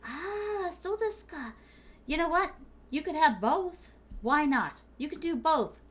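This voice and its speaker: A woman VTuber chats playfully with viewers during a casual gaming stream, calling them "my starlings," giggling, using lots of fillers like "like," and dropping in Japanese phrases. Her voice sits high, a bit bright, with lively intonation at a measured pace.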